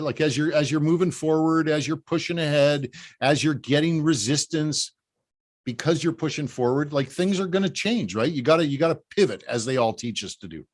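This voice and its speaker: A man from Canada giving a rallying political briefing, emphatic and repetitive, urging listeners to act. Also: a little high. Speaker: political organizer.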